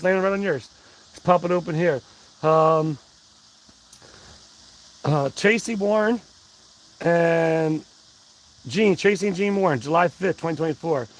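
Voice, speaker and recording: Speaking into a body-worn wireless mic, this breathless livestream host rambles folksily and calls out chat members by name. His pitch is high, and the recording quality is low.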